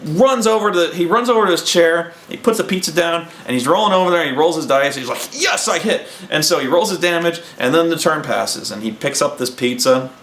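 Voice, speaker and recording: A man's voice: on the high side, brisk, few pauses, echoey room. A man casually telling a long, rambling anecdote and acting out the people in it. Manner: rambling, animated, acting out quotes. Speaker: host.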